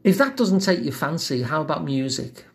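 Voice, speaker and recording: Gentle man teaching calm. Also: fairly high pitch, vocal fry. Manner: gentle, measured, reassuring. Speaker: wellbeing teacher. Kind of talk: calm self-help lesson.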